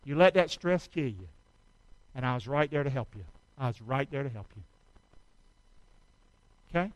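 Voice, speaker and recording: A man preaching a sermon, calling on the congregation to repeat after him and swinging between shouts and quiet asides. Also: medium pitch, lively intonation, moderate pace, no room sound, low-quality recording. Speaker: pastor.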